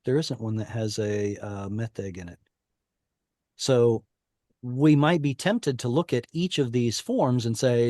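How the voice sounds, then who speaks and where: A man's voice: medium pitch, a little slow, a little mellow, dry recording. Man, online teacher, casual explaining, dry sound, many fillers. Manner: explanatory, informal, lots of fillers and restarts. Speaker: Hebrew teacher. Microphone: video call.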